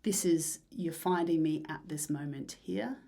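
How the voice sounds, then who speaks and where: A woman musician talking casually in an interview, rambling and dreamy with many fillers and soft breathy asides. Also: sits low, unhurried. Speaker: musician guest.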